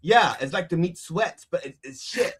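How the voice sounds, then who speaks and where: A man's voice: a little high, lively intonation, moderate pace, a bit bright, breathy edge. A man chatting as a guest comedian on a podcast, riffing loosely with lots of restarts and "you know"s. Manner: rambling riffs full of restarts and "you know". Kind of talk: casual comedy podcast chat.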